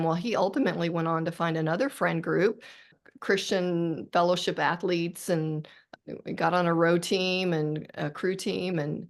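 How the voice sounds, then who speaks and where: A woman's voice: fairly low pitch, steady tone, moderate pace. A middle-aged woman, an author guest on a podcast interview, talking earnestly and reflectively with frequent restarts.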